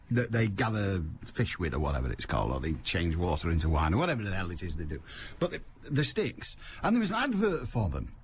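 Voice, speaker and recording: A man hosts a call-in radio show, rambling through a comic monologue with a wry, jokey edge. His pitch is very lively, leaping high for emphasis and dropping low for asides. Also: slight background noise.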